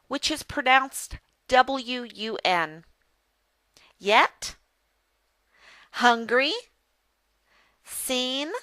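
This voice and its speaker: Woman teaching phonics, slow careful words, bright voice, dry close sound. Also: a little high, clear, resonant tone, no echo. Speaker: reading tutor. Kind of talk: phonics lesson.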